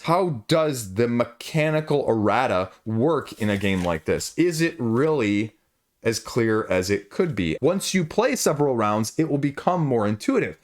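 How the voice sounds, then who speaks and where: Guy talking thru a board game review, chatty, lots of rhetorical questions, mid pitch voice. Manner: conversational, rhetorical questions, asides. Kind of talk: casual spoken review.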